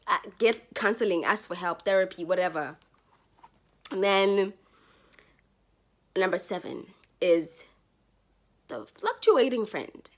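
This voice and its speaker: Young woman, lively sing-song voice, hypes people up then drops low, lots of likes. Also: slow pace, pauses often. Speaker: vlogger. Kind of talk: casual advice talk to camera.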